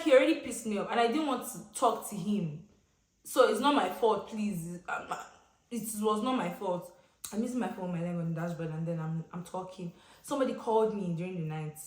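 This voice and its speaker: A woman's voice: fairly low pitch, brisk. Young Nigerian woman telling a story in an echoey room. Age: young adult. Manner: chatty, expressive storytelling with slang and pidgin asides. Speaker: vlogger. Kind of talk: casual storytime.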